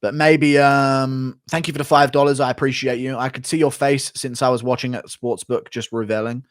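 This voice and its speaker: A young man streaming live, cursing freely and flaring up into rants between donation thank-yous. His voice sits at an ordinary middle pitch and comes through dry and close, with no room sound. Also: level tone, no echo. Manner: profane, ranting, quick to flare up. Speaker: livestream host. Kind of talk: casual livestream chat reading donations.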